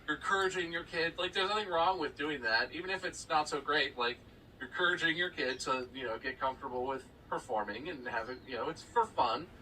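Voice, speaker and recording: A man co-hosting a podcast in casual chat, jokey and quick to riff. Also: fairly high pitch, pushed and bright, recorded from a distance, a little hiss or hum, low-quality recording. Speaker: podcast co-host.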